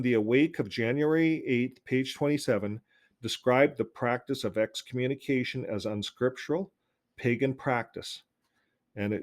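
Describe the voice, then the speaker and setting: A man's voice: lowish voice, a little mellow. A man hosting his own channel, talking loosely with many fillers and reading out passages from old religious magazines. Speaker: channel host.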